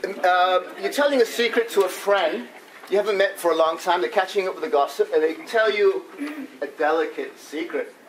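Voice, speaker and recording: A man's voice: sits high, a little fast. A man leading a laughter club workshop in a playful way, breaking into laughs as he shows the exercises to a room full of people. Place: conference room with an audience. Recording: echoey room, mic far off, audience noise.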